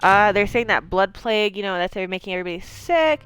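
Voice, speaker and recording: A woman's voice: mid-range voice, lively intonation, fairly quick, fairly bright tone, smooth, no echo. A woman streamer giving casual, rambling commentary while she plays, with lots of fillers, the odd swear word and easy laughter. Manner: laughs easily. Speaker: game streamer.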